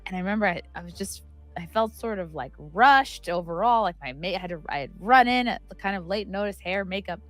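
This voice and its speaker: A woman's voice: mid-range voice, expressive, a little fast, fairly bright tone, soft background music. A woman co-hosting a podcast, telling a story in a rambling, self-correcting way. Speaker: podcast co-host. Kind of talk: casual chat.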